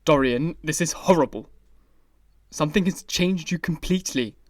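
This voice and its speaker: A man's voice: on the high side, normal speed, no echo, clean studio sound, close to an everyday voice. A man reading the part of an earnest older painter in an audiobook, grave and pleading. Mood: pained. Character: grave, anguished male painter friend.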